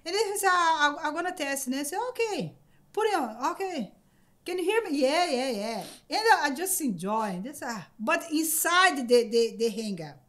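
A podcast guest, a woman with a high voice, tells a story casually and excitedly. She laughs and speaks haltingly, repeating many words, into a podcast microphone.

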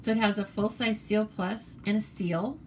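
A woman's voice: medium pitch, steady tone, normal speed, a little mellow, slight background noise. An American woman demonstrating papercraft cards in a casual, chatty tutorial, rambling with fillers and self-corrections.

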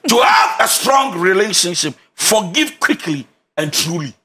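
Animated Ghanaian counselor man with a bright voice. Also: high voice, a little slow. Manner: emphatic, preacher-like, repeats key phrases. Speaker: relationship counselor.

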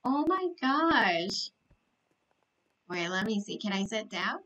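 A young woman live-streaming a game, gushing with excitement, gasping and repeating herself. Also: medium pitch, slow pace, poor audio.

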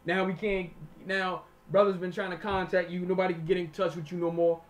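High-voiced man preaching from scripture. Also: flat delivery. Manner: reads verses slowly then explains in plain street talk; repeats "all right?" to check on listeners. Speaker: teacher. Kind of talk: scripture teaching sermon.

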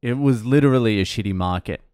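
A man with a fairly low voice delivers a sardonic comedic rant, full of swearing and rambling tangents. The sound is dry and close, with no room around it. He sounds like a comedian in his thirties hosting his own show. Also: fast, a little mellow, clear, resonant tone, no room sound. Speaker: comedian host.

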